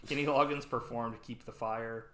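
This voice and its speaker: A man in a casual podcast chat, retelling comedy sketches in a rambling, animated way. His voice sits at a middling pitch. The room around him is echoey. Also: normal speed. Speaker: podcast co-host. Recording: roomy echo.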